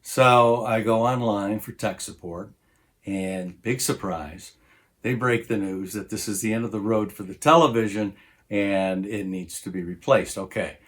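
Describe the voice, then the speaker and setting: A man's voice: fairly low pitch, unhurried, fairly bright tone. A man, a stand-up comedian, telling a story in a laid-back monologue.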